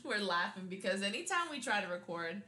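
A chatty woman co-hosts a podcast from home, gushing and talking things through casually. Her bright, forward voice bounces around an echoing room. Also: mid-range voice, sing-song, fairly quick. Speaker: podcast co-host. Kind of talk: casual chat. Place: home room, people outside. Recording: roomy echo.

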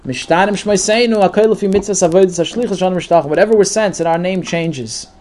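A man with a fairly high voice teaches a weekly Torah portion, reading out each verse before explaining it. He mixes Yiddish words into his English and often restarts his sentences. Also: quick pace, a little mellow. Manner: reads Hebrew verses then translates, with restarts and Yiddish words. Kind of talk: line-by-line Torah lesson with translation.

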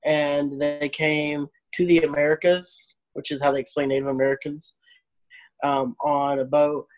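A man's voice: fairly high pitch, measured pace. A man from Arkansas with a Southern accent, telling stories in casual chat and acting out the people he quotes. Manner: animated storytelling, acts out quoted people. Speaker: comedian.

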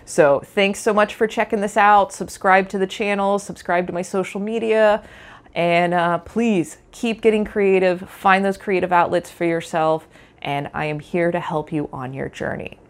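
A woman's voice: mid-range voice, fairly even intonation, moderate pace. A woman hosting her own podcast, talking in an upbeat, chatty way with plenty of ums and uhs. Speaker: podcast host and art teacher. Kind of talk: solo podcast monologue.

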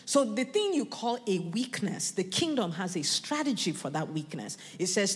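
An American woman preaching a sermon, animated, often asking the crowd questions and building up to shouting. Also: medium pitch, normal speed, hardly any pauses. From United States. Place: church. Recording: long reverb of a church hall.

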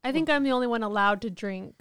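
Woman with a very smooth, crisp voice. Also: fairly high pitch, fast, a bit bright, no room sound. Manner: short agreeing replies. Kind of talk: casual chat.

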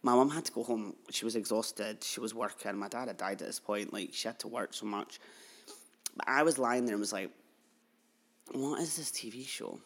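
A man's voice: on the low side, normal speed, a bit bright. A man in his thirties hosting a podcast, telling a personal story in a chatty, heartfelt way, full of asides. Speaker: podcast host.

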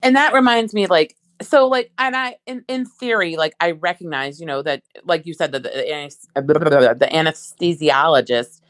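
Low-voiced woman rambling in casual chat. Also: normal speed, hardly any pauses, dry recording. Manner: rambling, chatty, lots of fillers and asides.

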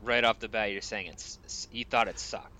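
A man co-hosting a casual movie podcast, with a bright, forceful voice recorded close and dry. He sounds animated and argues back with energy, and his pitch sits a little low. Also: moderate pace, dry recording, rough recording. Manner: animated, pushes back in debate. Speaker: podcast co-host.

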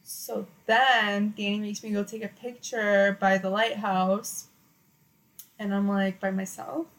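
A woman's voice: mid-range voice, level tone, slow pace, fairly bright tone, low-quality recording. A young woman co-hosting a podcast, telling a long story in casual chat, full of "like" and acted-out quotes. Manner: chatty storytelling, lots of "like". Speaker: podcast co-host.

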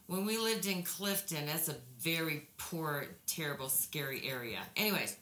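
A woman's voice: low voice, normal speed, bright, forceful tone, echoey room. A woman co-hosting a casual podcast chat, telling rambling stories, swearing freely and laughing as she goes. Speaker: podcast co-host.

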